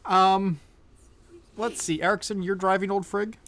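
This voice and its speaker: A man's voice: high-pitched, steady tone, unhurried, a bit bright. A man running a tabletop game as game master, narrating easily and thinking aloud. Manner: easygoing, thinks aloud with fillers.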